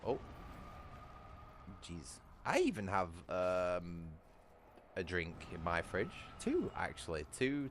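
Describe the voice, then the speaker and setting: A man's voice: deep voice, fairly bright tone, slight background noise. A man chatting casually from home while livestreaming a game, rambling and crude, often restarting his sentences and breaking into laughter. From Britain. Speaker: gaming livestreamer.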